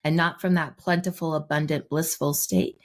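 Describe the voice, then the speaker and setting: A woman podcast guest explaining her ideas in a relaxed, explanatory way, telling anecdotes. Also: low-pitched, normal speed. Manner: explanatory, tells anecdotes with acted-out dialogue. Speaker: guest, manifestation teacher. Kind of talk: podcast interview.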